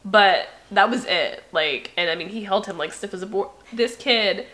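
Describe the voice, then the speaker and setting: A woman co-hosting a casual podcast, telling family stories with quick asides and frequent laughter. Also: medium pitch, a bit bright. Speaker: podcast co-host. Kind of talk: casual chat.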